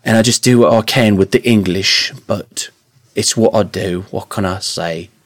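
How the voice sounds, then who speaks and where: A man's voice: lowish voice, normal speed, dry recording, clean studio sound. A young man from Indiana, a voice actor, chatting casually in an interview and laughing often between phrases. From Indiana, USA. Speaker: voice actor guest.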